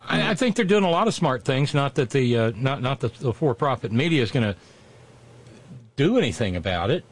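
A man's voice: medium pitch, very animated, fairly quick. A man chatting casually as a co-host, sardonic and blunt. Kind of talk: casual chat.

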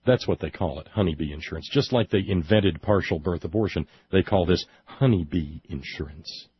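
Sarcastic low-voiced man, dull lo-fi sound. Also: moderate pace, husky. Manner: sarcastic, mocking, rising to indignant emphasis; hesitant restarts and fillers. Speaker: political commentary host. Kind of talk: sarcastic monologue reading from a report.

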